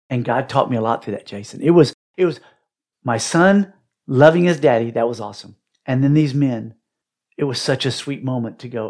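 A man's voice: medium pitch, a little fast. A middle-aged man telling an emotional personal story as a podcast guest, acting out what people said with dramatic swings. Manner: animated, dramatic re-enacting of quotes.

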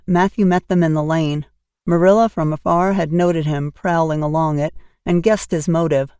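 A woman's voice: on the low side, dark tone, dry recording. Woman narrating an audiobook, dry sound. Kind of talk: scripted narration.

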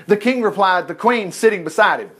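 Male preacher, conversational sermon, folksy and chatty, high voice with lively swings. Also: a little fast, slightly rough. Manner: folksy, animated, self-interrupting, acting out scripture dialogue.

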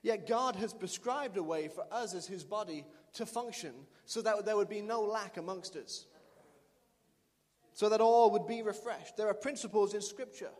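Pastor, male, high-pitched, emphatic repeater, preaching in a reverberant church hall. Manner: emphatic, repeats lines for the congregation. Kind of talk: sermon. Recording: long reverb of a large hall.

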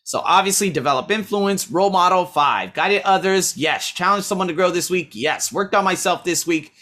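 Bright-voiced man, rambling self-review. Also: high-pitched, normal speed. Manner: rambling, blunt, swears freely, scores himself aloud. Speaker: teacher. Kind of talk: casual weekly self-review monologue.

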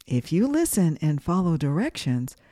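A woman voicing a gentle, encouraging female snake teacher in a children's storybook. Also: sits low, very animated, moderate pace, no echo, clean studio sound. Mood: kind.

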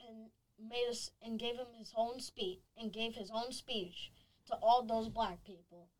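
A woman with a slightly high voice chimes into a group discussion. She talks slowly and haltingly, restarting and repeating words as she goes. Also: steady tone, poor audio. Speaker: group member. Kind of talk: casual chat.

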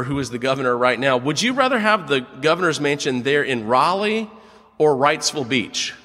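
A man preaching a sermon, retelling scripture as a lively story and acting out the quotes himself. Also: medium pitch, in a large hall. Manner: animated storytelling, acts out quotes. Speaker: pastor.

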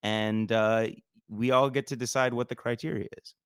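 A man co-hosting a podcast, asking measured questions in a discussion. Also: mid-range voice, fairly even intonation, smooth, no echo, studio quality. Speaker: podcast co-host.

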